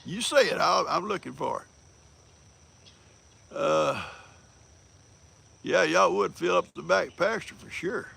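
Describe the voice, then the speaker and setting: Older guy on a livestream, real gravelly and a bit raspy, bright voice, joking and laughing with folks, animals faint outside. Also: high voice, lively intonation, takes it slowly, pauses often. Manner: folksy, teasing, laughs often. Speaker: livestream host. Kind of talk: casual livestream chat with viewers.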